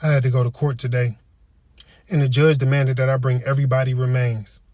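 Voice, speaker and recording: A man telling comic stories in a deadpan, casual slang delivery. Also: mid-range voice, a little fast, no echo, studio quality. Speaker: comedian. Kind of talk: comedic storytelling skit.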